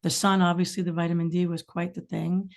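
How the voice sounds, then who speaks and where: A middle-aged woman, here as a singer-songwriter guest, speaks briskly in a lowish voice marked by vocal fry. Her candid, rambling storytelling in this casual podcast chat is dotted with lively asides.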